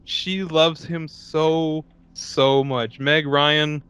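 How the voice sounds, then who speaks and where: A man co-hosting a casual movie-and-beer podcast, joking and crude, laughing loudly. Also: fairly high pitch, little pitch movement, extremely slow, clear, resonant tone. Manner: loud bursts of laughter, jokey and crude. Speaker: podcast co-host.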